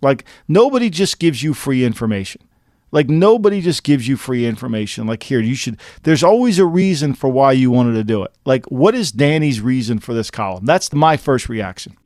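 A man co-hosting a football podcast, talking in an animated, rhetorical way and firing off questions. His voice sits at a middle pitch. The sound is dry and close, with no room around it. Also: normal speed, no room sound. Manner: animated, rhetorical, laughing asides. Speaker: podcast co-host. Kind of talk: casual sports talk.

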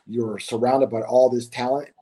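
A man with a mellow, warm voice guests on a podcast. He chats casually and often repeats words as he gathers his thoughts. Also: medium pitch, normal speed, slightly rough. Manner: relaxed, repeats words while thinking. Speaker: guest, former college basketball player. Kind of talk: casual interview.

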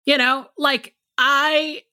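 A woman's voice: sits high, extremely slow. A woman co-hosting a podcast, chatting casually, rambling with lots of fillers and the odd swear word. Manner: rambling, animated, swears freely, many fillers. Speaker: podcast co-host. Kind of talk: casual chat.

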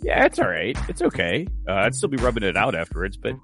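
A man's voice: lowish voice, sing-song, fast, a bit bright, soft background music. A man co-hosting a casual podcast, rambling in a dry, sarcastic way. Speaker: podcast co-host. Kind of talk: casual chat.

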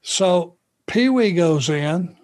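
A middle-aged man from Georgia, a former wrestler telling road stories in a relaxed, anecdotal way. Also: high voice, very slow. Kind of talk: podcast storytelling.

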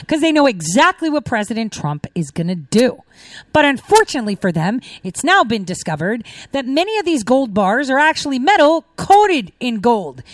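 A woman's voice: mid-range voice, no echo. Sarcastic woman ranting to camera. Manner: sarcastic, ranting, laughs in scorn. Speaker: commentary video host. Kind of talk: casual monologue reacting to news clips.

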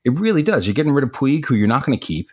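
A man co-hosting a podcast in casual chat, animated and slipping into quick impressions of other people. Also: mid-range voice, breathy edge. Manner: animated, mimics people mid-story. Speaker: podcast co-host.

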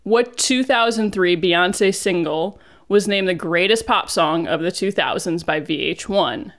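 A woman co-hosting a podcast, reading out multiple-choice quiz questions briskly. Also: fairly low pitch. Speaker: podcast co-host, quiz master.

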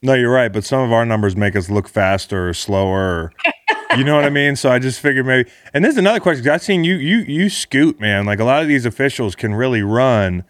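A man interviewing a guest in casual chat, playful and quick to laugh. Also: medium pitch, animated, dry recording, clean studio sound. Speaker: interviewer, former player.

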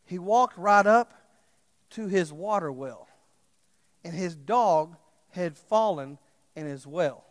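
Impassioned preacher man, high voice. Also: lively intonation, takes it slowly, long pauses, in a large hall. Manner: swings from loud impassioned preaching to quiet storytelling. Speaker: pastor. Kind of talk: sermon.

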